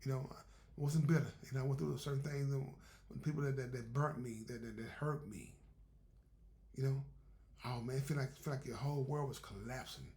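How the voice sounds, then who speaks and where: A man's voice: medium pitch, steady tone, a little fast, darkish tone. A man giving a faith-based motivational talk in a conversational, repetitive, preacherly way. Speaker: motivational speaker.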